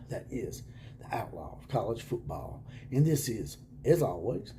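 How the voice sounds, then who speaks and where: A man hosting his own college football video channel, talking casually and sarcastically from a room at home, chuckling and sometimes dropping into hushed mock-whispers. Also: fairly low pitch, big pitch swings, unhurried, slight background noise.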